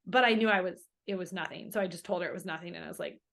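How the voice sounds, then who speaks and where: A woman's voice: fairly low pitch, rapid-fire, creaky, a bit bright. A young woman telling her story as an interview guest in a casual, chatty way, full of fillers and quoted remarks.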